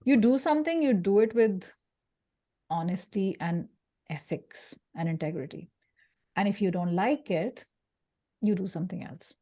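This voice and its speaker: A woman giving an animated career-coaching talk to an audience, acting out quoted voices and laughing along the way. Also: medium pitch, measured pace, pauses often.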